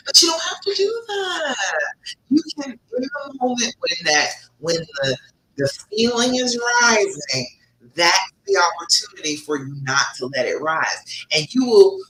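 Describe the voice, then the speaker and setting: Woman, relationship coach, live-stream talk, emphatic, lively pitch, echoey room. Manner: animated, emphatic, swings between loud and soft. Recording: echoey room with faint rumble.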